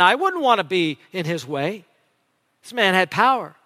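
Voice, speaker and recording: A man preaching with a high, bright voice that rings out through a church hall with a long echo. His delivery is animated and dramatic, swinging from forceful to hushed. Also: moderate pace. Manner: animated, dramatic preaching with shifts between loud and soft. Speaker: pastor. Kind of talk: sermon.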